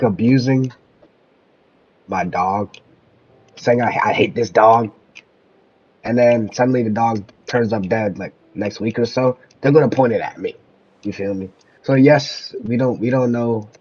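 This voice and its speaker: A man's voice: medium pitch, dark tone, slightly rough. A man acting as judge in a mock trial among friends, laid-back with casual slang. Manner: laid-back slang, "you feel me", "bro". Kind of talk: casual mock-courtroom ruling. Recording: dull lo-fi mic.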